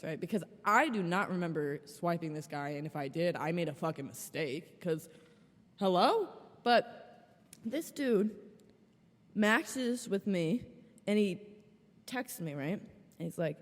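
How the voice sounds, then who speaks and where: A woman's voice: fairly low pitch, animated, a little slow, long pauses. Woman ranting frankly in a reverberant room. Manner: profane, rambling and frank. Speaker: podcast host. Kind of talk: casual solo storytelling.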